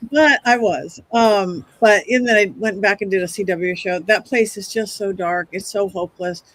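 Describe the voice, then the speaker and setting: A middle-aged woman and psychic medium, telling stories on a podcast in a chatty, animated way, often restarting her sentences. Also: mid-range voice, normal speed, few pauses. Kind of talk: casual podcast storytelling.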